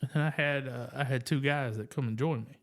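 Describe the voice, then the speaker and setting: A man's voice: medium pitch, fairly quick. Man telling a faith story, self-mocking. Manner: animated, self-deprecating, filler-heavy. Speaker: guest sharing testimony. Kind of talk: casual storytelling.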